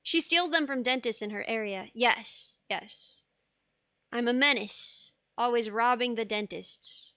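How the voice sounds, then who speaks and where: A woman's voice: a little high, measured pace, pushed and bright, no room sound, studio quality. A young woman streaming live, chatting casually while she sculpts, bubbly and rambling, laughing often and reading chat aloud.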